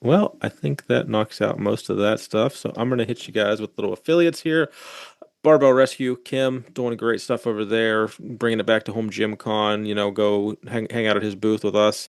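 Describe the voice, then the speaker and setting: A man's voice: fairly low pitch, steady tone, normal speed, gravelly, clean tone, no echo, studio quality. A man hosting a podcast, chatting casually with profane, joking asides and reading out sponsor plugs. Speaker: podcast host. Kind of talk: casual chat.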